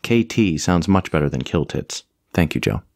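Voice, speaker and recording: A man's voice: deep voice, expressive, normal speed. A man voicing a proud, powerful warrior queen and sorceress in an audiobook, cold and commanding. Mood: quiet. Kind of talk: audiobook character voice.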